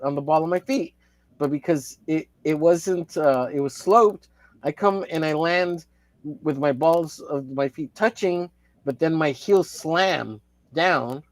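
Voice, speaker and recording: A man's voice: fairly high pitch, unhurried, dry recording. A man in casual livestream chat, telling a long story in a rambling, profane way with many restarts. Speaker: co-host of a drawing livestream.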